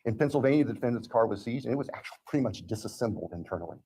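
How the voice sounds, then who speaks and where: A man speaking as a prosecutor in court, delivering a formal, measured legal statement. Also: mid-range voice, animated, warm tone, breathy edge.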